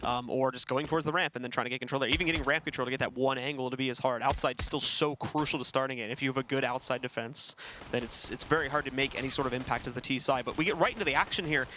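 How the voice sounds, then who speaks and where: A man calling a live esports match play by play, energetic and rapid, speaking into a headset. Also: medium pitch, slight background noise. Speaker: esports commentator.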